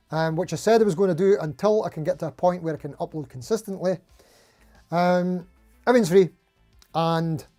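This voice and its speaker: A man's voice: high-pitched, mellow. A man hosting a casual live stream, rambling and laughing at himself as he reads out supporter names.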